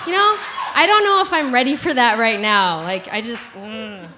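A woman's voice: fairly high pitch, moderate pace, background noise. A woman telling a comic personal story live, giggling and acting out the voices of others. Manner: animated, giggly, acts out quotes.

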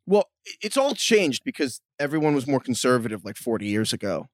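A man co-hosts a podcast in loose, casual chat. He talks fast and keeps spinning off into quick, jokey tangents, with a mid-pitched voice. The sound is dry and close, with no room around it. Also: very animated, dry recording. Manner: rapid, riffing, jokey tangents. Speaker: podcast co-host.

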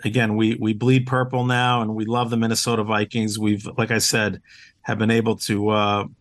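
Earnest man, eager and halting. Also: on the low side, little pitch movement, no room sound. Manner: upbeat and earnest, with many "uh" fillers and restarts. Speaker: team owner, podcast guest. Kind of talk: casual interview conversation.

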